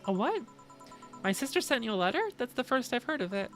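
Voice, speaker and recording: Woman streamer reading game dialogue out loud, does all the parts, plain delivery. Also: fairly high pitch, very animated, fairly quick, faint music behind. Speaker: streamer reading a visual novel aloud.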